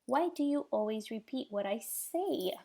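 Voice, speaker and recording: A woman voicing a sarcastic, bossy young female bear with a mocking, loud delivery. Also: fairly high pitch, animated, a little slow, gravelly, exaggerated voice.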